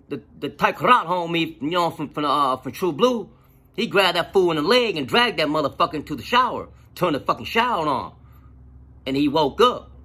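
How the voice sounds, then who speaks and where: A man telling a personal story in a profane, animated, casual way, with lots of fillers. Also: mid-range voice, husky.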